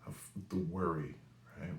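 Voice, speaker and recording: A man's voice: low voice, normal speed, slight background noise. A man in his forties from New England tells a story in a monologue, often checking in with the listener. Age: 40s. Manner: animated storyteller who often asks "right?". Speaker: spiritual reader and weekly message host. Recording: roomy echo.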